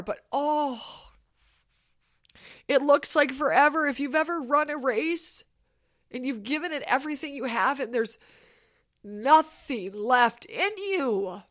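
A woman telling a personal story in an animated, emphatic, conversational way. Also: fairly high pitch.

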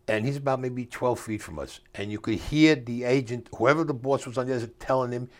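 In a medium pitch and at a slightly fast clip, an older interview guest tells his story streetwise-style. He uses rough grammar and imitates the people he's quoting.

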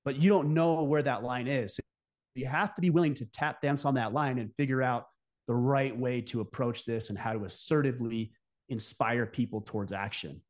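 A man's voice: mid-range voice, normal speed. A man speaking as a guest on a podcast, giving direct, emphatic advice in casual interview talk.

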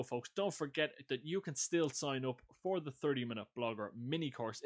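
Chatty man co-hosting a podcast. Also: mid-range voice. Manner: chatty, explanatory, laughs easily. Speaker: podcast co-host. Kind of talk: casual podcast chat.

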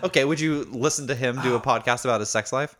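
A man co-hosting a podcast in casual chat, teasing with quick banter. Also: medium pitch, a bit bright. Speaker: podcast co-host.

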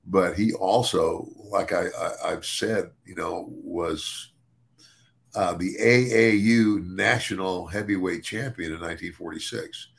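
An older man chats casually on a podcast in a low, gravelly voice. He keeps restarting and repeating words as he talks. The tone stays easygoing and conversational. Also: a little slow. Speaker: podcast co-host and former wrestler.

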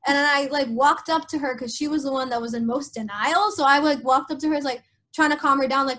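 A young woman with a high, light voice tells a personal story in loose, casual talk. She strings thoughts together with many fillers and restarts, and her voice sinks quiet and low when the memories turn sad. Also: fast talker, hardly any pauses. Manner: frequent filler "like", trailing restarts; voice drops low and soft in sad moments. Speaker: guest sharing a personal story.

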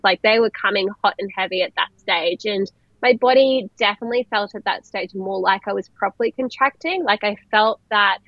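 A young woman telling a personal story in a chatty, animated way, laughing often and using many "like" fillers. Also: medium pitch, dry recording. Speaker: vlogger telling her birth story. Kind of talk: casual storytelling. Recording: dull lo-fi, dry sound.

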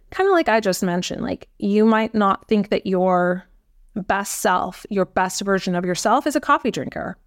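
A woman's voice: mid-range voice, dry recording, studio quality. A young adult woman hosting a podcast, talking candidly and conversationally on her own, often checking in with "right?". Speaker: podcast host. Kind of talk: solo podcast talk.

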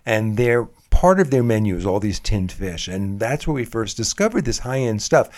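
Low-voiced conversational male co-host. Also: big pitch swings, normal speed, darkish tone. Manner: conversational, spells out details carefully. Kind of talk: casual food-gift chat.

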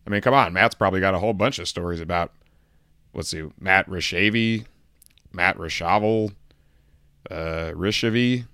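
A man with a somewhat low voice delivers a comedic rant, sarcastic and mock-indignant. The recording is dry, with no room sound. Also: moderate pace, long pauses, sharp tone, clean tone, no echo. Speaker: podcast segment guest.

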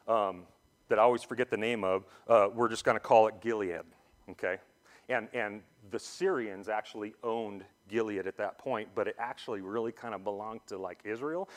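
A man's voice: mid-range voice, normal speed. Man preaching in a casual storytelling way. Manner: casual storytelling, slangy retelling of scripture; builds to loud emphatic preaching. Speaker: pastor. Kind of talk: sermon.

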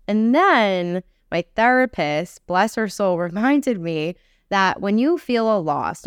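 A woman in her thirties hosting a solo self-help podcast, earnest and encouraging, slowing down to stress her points. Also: fairly low pitch, clean tone, no echo, clean studio sound. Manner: earnest, encouraging, slows down for emphasis. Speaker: podcast host.

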